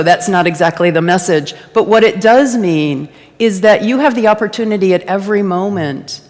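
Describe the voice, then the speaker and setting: A woman's voice: medium pitch, big-room sound. A woman giving a conversational, playful sermon to a congregation and asking them to answer back. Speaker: guest speaker at a church service. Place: church sanctuary before a congregation.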